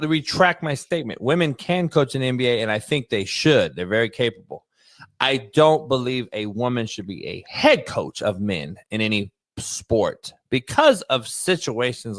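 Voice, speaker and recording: A young man hosts a casual sports podcast with a high, lively voice. He talks in a profane, animated way, acting out little scenes as he goes. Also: no room sound, studio quality. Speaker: podcast host. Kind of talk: casual comedic sports talk.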